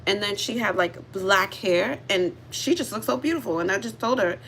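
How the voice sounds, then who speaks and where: With a medium-pitched voice at a moderate pace, a livestream host talks from her car, telling a story casually and addressing viewers directly. She's chatty, giggly and animated, laughing often, and there's a little hiss or hum in the recording.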